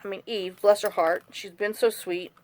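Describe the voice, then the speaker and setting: A woman's voice: mid-range voice, fairly even intonation, normal speed, a little mellow. Chatty woman venting while crafting. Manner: chatty, rambling storyteller, venting complaints. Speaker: journal-making craft vlogger. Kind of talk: casual chat while crafting.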